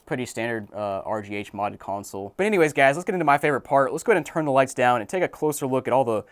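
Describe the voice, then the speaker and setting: A man giving casual, excitable commentary as he unboxes and tests game consoles. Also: mid-range voice, dry recording. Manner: excitable, quick reactions and exclamations. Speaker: tech YouTuber reviewing consoles.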